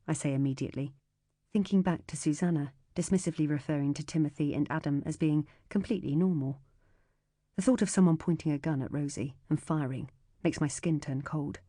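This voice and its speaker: A woman narrating a thriller audiobook in the first person, measured and tense. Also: low voice, mellow, no room sound, clean studio sound.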